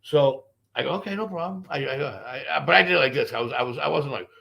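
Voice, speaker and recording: Brief: male comic, rapid-fire, gravelly, swears freely while spinning long stories. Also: mid-range voice. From Boston. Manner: profane, animated, rambling anecdotes. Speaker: stand-up comedian guest. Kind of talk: casual storytelling interview.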